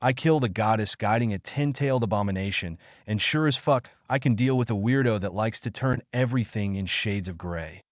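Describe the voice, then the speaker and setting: A man's voice: on the low side, brisk, few pauses, dry recording, clean studio sound, close to an everyday voice. A man voicing a brash, crude young man who taunts and curses. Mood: defiant.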